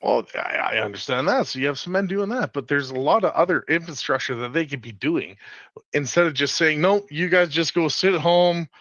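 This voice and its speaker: A man's voice: fairly high pitch, animated, brisk, fairly bright tone, no room sound, dull audio. A man arguing his side in a live online debate, insistent and explaining his points step by step.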